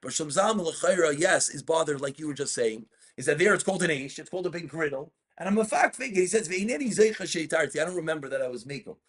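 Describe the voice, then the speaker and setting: A man's voice: a little high, animated, quick pace, breathy edge. A man teaching an in-depth class on Jewish law, reading Hebrew texts aloud and explaining them.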